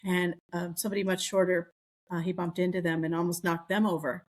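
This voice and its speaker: A woman's voice: lowish voice, level tone, fairly quick. A middle-aged woman co-hosting a podcast, telling stories in casual chat and acting out the voices of people she quotes. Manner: chatty storytelling, acts out quoted voices. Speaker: podcast co-host.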